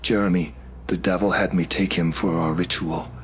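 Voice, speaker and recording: A man's voice: sits low, steady tone, normal speed, a little hiss or hum, lightly acted. A man voicing a shaken young woman who speaks in a shaky, urgent voice. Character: young woman, shaken, desperate, sharp-tongued.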